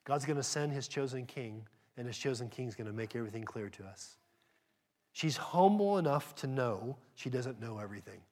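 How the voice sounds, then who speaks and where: Here the preacher's voice sits at medium pitch, expressive and at a normal speed. He speaks straight to his congregation with conviction, alternating booming emphasis with quiet asides.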